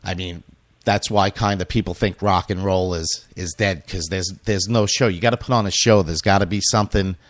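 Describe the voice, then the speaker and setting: A man's voice: deep voice, steady tone, normal speed, no room sound. A male radio show host, losing his voice, chatting casually with a guest and rambling with many fillers and restarts. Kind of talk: casual interview chat.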